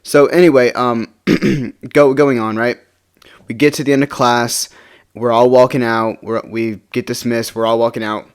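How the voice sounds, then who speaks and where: Male vlogger, mid-pitched, casual storytime, rambling and restart-heavy, mumbles low when glum. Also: fairly even intonation, normal speed, clear, resonant tone. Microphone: face-cam setup.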